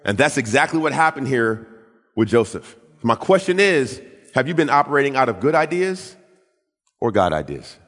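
Animated preacher man in a reverberant hall. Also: moderate pace. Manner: animated, acts out quoted voices with big pitch swings. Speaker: pastor. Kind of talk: sermon with storytelling.

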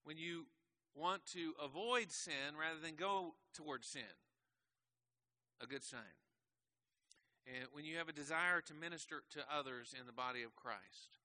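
A man's voice: fairly high pitch, moderate pace, pushed and bright. A man preaching a conversational sermon to a church congregation, asking rhetorical questions. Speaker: pastor.

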